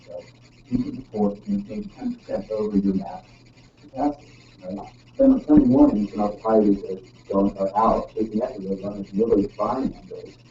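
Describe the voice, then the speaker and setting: A man's voice: fairly low pitch, very animated, fairly quick, vocal fry, dark tone. A man giving a technical presentation to a live audience, talking casually with many ums and frequent tag questions. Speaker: presenter at a user group meeting. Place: meeting room. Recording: roomy, distant, dull sound with faint noise.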